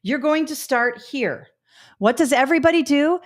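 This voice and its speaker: High-pitched and moderately paced, a woman leads a live test prep webinar. She keeps an upbeat tone, models speech sounds with repeated drills, and regularly checks in with her audience.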